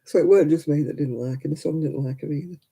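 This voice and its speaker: Older woman, very mellow dark tone, host telling rambling stories at a craft stream. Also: sits low, fast talker, gravelly, slightly rough, rough recording. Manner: chatty, rambling anecdotes with frequent "you know" asides. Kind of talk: casual storytelling chat.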